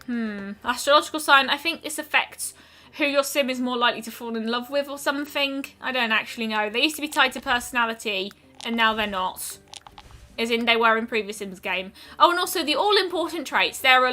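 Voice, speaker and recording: A woman's voice: a little high, normal speed, pushed and bright, soft background music. A woman streaming a game, musing aloud in casual commentary with lots of ums and trailing thoughts.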